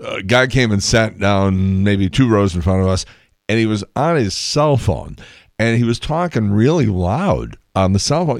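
Dry-humored man telling stories, low voice. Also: very animated, moderate pace, no room sound. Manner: chatty, wry storytelling with asides and laughs. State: tired. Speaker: podcast host. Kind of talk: casual solo podcast monologue.

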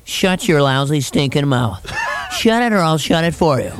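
A man's voice: fairly high pitch, sing-song, normal speed, crowd noise. A man doing a comic impression of an upbeat male radio host who snaps into a snarling, threatening rant. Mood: menacing.

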